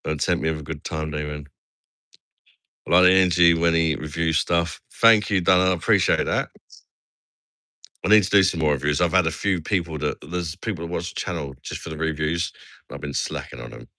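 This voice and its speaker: A chatty English man hosts a casual livestream and keeps calling people "mate". His voice is very low yet bright and forward. The sound is close and dry, with no room around it. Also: brisk, dry recording. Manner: chatty, says "mate" a lot. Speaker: livestream host. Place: outdoors at night in a resort town.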